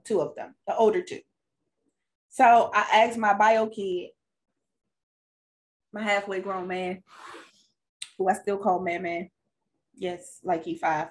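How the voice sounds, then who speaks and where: A woman co-hosting a podcast, telling a casual family story with frequent laughs. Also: medium pitch. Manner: laughs often, relaxed storyteller. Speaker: podcast co-host; mother and stepmother.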